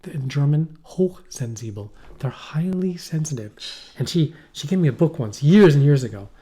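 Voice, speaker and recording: A man co-hosting a podcast, rambling and animated in casual chat. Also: a little high, moderate pace, breathy edge. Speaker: podcast co-host.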